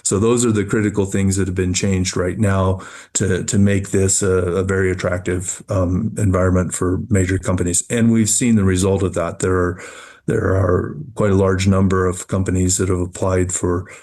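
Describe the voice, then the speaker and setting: A man, a mining company executive, answering interview questions in a measured way, often repeating words as he thinks. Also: deep voice, level tone, darkish tone.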